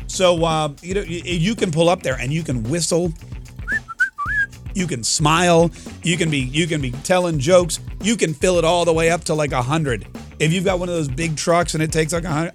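A man's voice: fairly high pitch, brisk, faint music behind. A man hosting a podcast, talking in a brash, rambling, mocking way about politics and a giveaway. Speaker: podcast host. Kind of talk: political talk and giveaway segment.

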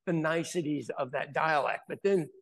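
Gravelly-voiced American man telling stories. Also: a little high, normal speed. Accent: General American. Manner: animated storyteller, mimics voices in anecdotes. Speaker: podcast host. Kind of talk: casual chat.

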